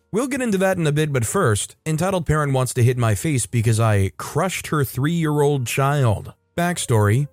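A man's voice: medium pitch, a little mellow, dry recording. A man hosting a channel and reading online stories aloud in a conversational way, with wry asides between them. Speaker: host and narrator.

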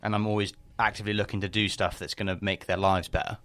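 Blunt, low-voiced man chatting. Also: little pitch movement, fast, a bit bright, no echo. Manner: blunt, swears casually, laid-back. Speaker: podcast co-host, business owner. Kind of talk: casual chat.

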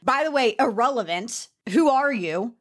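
A woman with a Southern US accent holds forth on a casual gossip podcast. Her voice sits a little high, and she is animated and frank, swearing freely. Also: normal speed. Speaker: podcast co-host, beauty writer.

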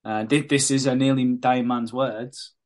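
A man's voice: medium pitch, fairly even intonation, moderate pace, a little mellow. Brief: male co-host, casual sweary recap chat. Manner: sweary, laughing, acts out quotes.

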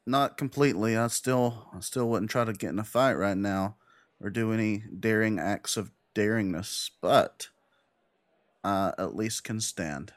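A man with a lowish voice, talking slowly and haltingly as he describes what his tabletop character does. The recording is dry and close. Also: no room sound. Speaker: player. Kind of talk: tabletop role-play.

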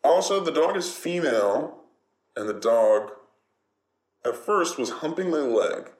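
A man rambling casually and jokingly in a relaxed monologue, swearing now and then. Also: a little high, unhurried. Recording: roomy echo.

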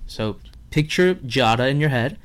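A man's voice: mid-range voice, lively intonation, unhurried. A man, a chef guest, telling stories in casual chat, acting out other people's lines and laughing often.

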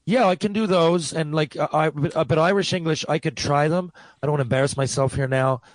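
Talkative sports radio co-host. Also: male voice, fairly high pitch, fairly quick, no room sound, poor audio. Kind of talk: casual sports talk.

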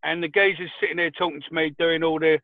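Give me a high-pitched, foul-mouthed man over a thin, phone-like line, spinning chatty anecdotes. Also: fast, no room sound. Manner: swears freely, animated anecdotes. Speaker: podcast co-host. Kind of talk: casual chat.

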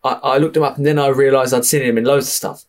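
A young man with an Essex accent talks through his filmmaking in a relaxed podcast chat. His pitch sits in a middle range, and he spins anecdotes freely, laughing and swearing now and then. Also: fast talker. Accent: Essex English. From Essex, England. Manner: chatty storyteller, swears, laughs often. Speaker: film director guest. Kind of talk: casual podcast interview.

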